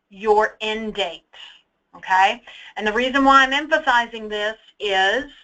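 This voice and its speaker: A woman's voice: fairly high pitch, a bit bright, low-quality recording. A woman teaching a webinar while walking through reports on her screen, chatty and emphatic, often checking in with "okay?". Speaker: data trainer. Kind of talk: webinar screen-share walkthrough. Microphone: computer mic for online webinar.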